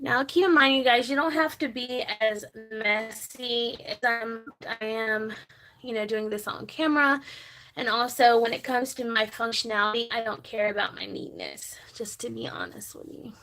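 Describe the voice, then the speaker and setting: A woman's voice: on the high side, normal speed, rough recording. A young woman chatting casually in a planner vlog as she writes on camera, talking openly about feeling anxious. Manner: chatty, warm toward viewers, talks while writing. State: nervous, anxious. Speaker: planner vlogger.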